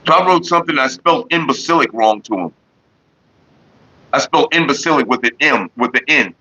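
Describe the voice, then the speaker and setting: A man's voice: medium pitch, very animated, fairly quick, sharp tone, slightly rough, no room sound. A young man vlogging, retelling an online argument in a casual, profane, laughing way on a dull lo-fi home recording. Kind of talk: casual storytelling.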